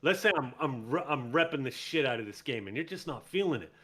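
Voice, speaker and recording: A man's voice: mid-range voice, expressive, quick pace, bright, forceful tone. A man in casual podcast chat, explaining his view persuasively with rhetorical questions.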